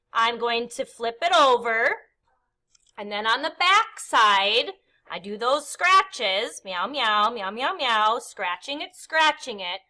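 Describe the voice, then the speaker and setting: A woman teaching a kindergarten clay lesson, with a high voice that sits above most women's. Her tone is bright and clear as she explains each step patiently and counts along with the actions. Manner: patient, step-by-step, counts aloud and makes meow sounds. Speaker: art teacher. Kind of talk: instructional demonstration.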